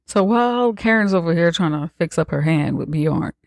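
With a creaky, animated voice at medium pitch, a podcast host runs through a movie's plot casually, cursing and joking as he performs characters' lines in fast little asides. No room sound is audible.

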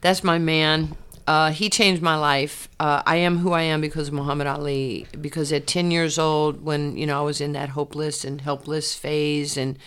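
A woman, a former athlete telling her life story in an interview, animated and laughing often. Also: deep voice, normal speed, hardly any pauses, smooth. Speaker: interview guest, former basketball player. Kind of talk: candid personal storytelling.

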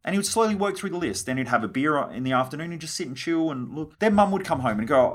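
A man's voice: on the high side, expressive, fast, few pauses. A young adult man hosting a solo podcast monologue, blunt and swearing freely as he acts out quoted conversations. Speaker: podcast host.

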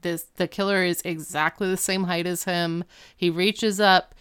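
Woman recapping a show to a friend, smooth crisp voice, dry close sound, jumps up high when quoting people. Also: unhurried, no room sound. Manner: animated storyteller, acts out characters' lines in a raised pitch. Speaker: podcast co-host recapping an episode. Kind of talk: casual chat.

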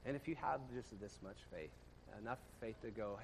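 In a church room, a male pastor gives his congregation a brisk, expressive sermon built on casual storytelling. His conversational delivery swings from loud bursts down to quiet, low stretches, and background noise runs throughout.

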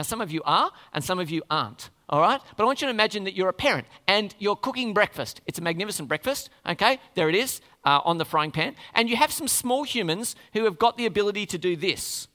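A man preaching a sermon, animated, often putting questions to the congregation. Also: high voice. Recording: church hall reverb.

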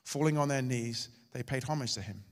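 Male pastor, sermon, dramatic swings from forceful to hushed, long hall reverb. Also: mid-range voice, brisk. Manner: dramatic, shifting loud and soft.

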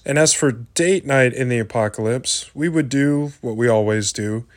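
A man giving a thoughtful, measured recorded answer as a podcast guest. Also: medium pitch, no echo, studio quality. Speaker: guest, a host's boyfriend.

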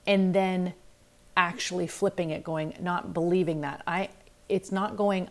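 Low-voiced woman hosting a self-help podcast. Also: steady tone, measured pace. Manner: candid, reflective, acts out her own inner voices. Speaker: podcast host and life coach.

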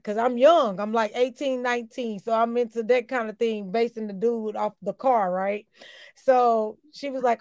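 A woman in her forties, co-hosting a casual podcast chat, animated and quick to act out the people she quotes. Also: a little high, vocal fry, no room sound. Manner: animated, acts out quoted callers, laughs easily. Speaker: co-host.

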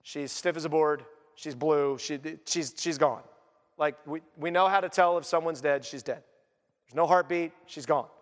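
A man doing low, scoffing mourners. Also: normal speed, big-room sound, lightly acted. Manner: blunt, scoffing. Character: scoffing mourners, blunt and mocking.

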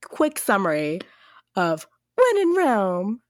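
A young woman on a casual podcast, teasing and laughing through her lines. Her voice sits at a middle pitch. The recording is dry and close to the mic. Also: huge pitch swings, slow pace, no room sound. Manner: playful, teasing, laughs often. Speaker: podcast co-host.

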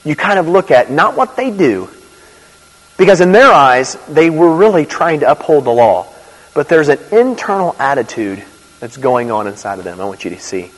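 A man's voice: fairly high pitch, normal speed. Man preaching in a reverberant hall. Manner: conversational, animated preaching with asides and laughs. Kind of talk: sermon. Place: church.

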